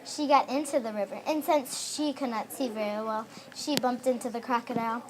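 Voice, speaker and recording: A woman reads aloud a fairy tale she adapted, in an expressive storybook manner. Her voice sits high, with faint noise behind it. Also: a little fast.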